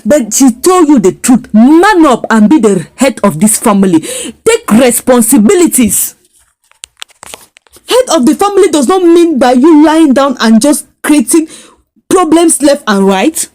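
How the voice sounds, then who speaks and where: A woman retells and judges a drama series's latest episode. Her voice sits fairly high and swings widely in pitch as she presses her points with repetition. She sounds indignant and emphatic throughout. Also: very animated, unhurried, darkish tone. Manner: indignant, emphatic, repeats phrases for force. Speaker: series reviewer. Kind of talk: storytelling recap and critique.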